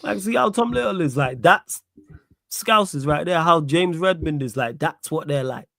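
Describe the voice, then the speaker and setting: A man's voice: a little high, lively intonation, moderate pace, vocal fry, a bit bright, dry recording. A young man from Manchester with a Mancunian accent, hosting a casual football chat, laid-back and slangy, laughing often. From Manchester, England. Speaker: podcast host.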